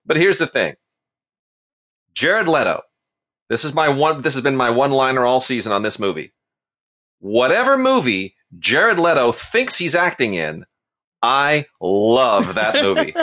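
Man, forties, film review co-host, crisp bright voice, animated and opinionated. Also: mid-range voice, normal speed, long pauses. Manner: animated, emphatic, jokey opinions. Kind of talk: casual movie review chat.

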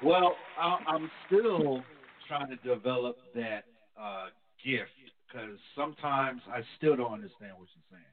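Over a tinny phone line, a New Jersey pastor talks in a mid-range voice, a little slowly. He's candid and reflective in a casual talk show chat, growing animated whenever he quotes his wife.

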